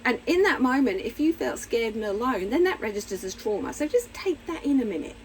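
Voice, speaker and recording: A middle-aged woman therapist talking casually and bluntly to camera, candid and animated. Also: fairly high pitch, fairly quick, a little hiss or hum, poor audio. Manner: candid, blunt, animated, acts out little voices. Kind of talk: casual explanatory talk to camera.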